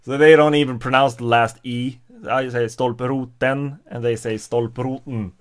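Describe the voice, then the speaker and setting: Hosting a casual livestream chat, a Swedish man talks to viewers in his Swedish accent, hesitant and full of fillers and restarts. He has a mid-range, clear, resonant voice, a steady tone, and a brisk pace.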